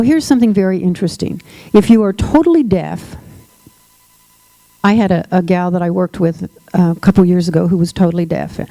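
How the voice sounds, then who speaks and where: Warm, animated woman giving a workshop. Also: lowish voice, gravelly, dry recording, low-quality recording. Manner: animated, emphatic, speaks straight to the audience. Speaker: dementia care presenter. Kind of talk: workshop talk to a live audience.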